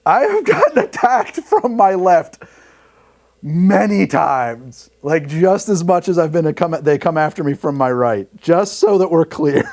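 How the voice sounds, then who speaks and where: A man with a fairly high, sing-song voice speaks unhurriedly, a little mellow in tone. Hosting a livestream as he mixes drinks, he rambles in heated, casual chat, swearing freely and laughing often. His studio mic passes through a mixer rig.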